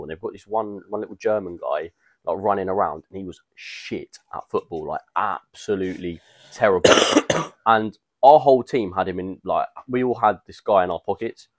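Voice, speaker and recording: A man's voice: lowish voice, a little fast, no echo. A young man, co-hosting a podcast and telling rambling stories full of slang. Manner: rambling storytelling with fillers and slang. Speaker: podcast co-host. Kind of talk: casual chat.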